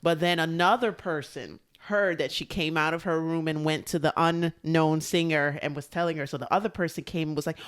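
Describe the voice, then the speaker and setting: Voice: medium pitch, fairly even intonation, a little fast, hardly any pauses, clean tone. A podcast co-host in casual chat, mostly giving short agreements and laughing along, then retelling an anecdote.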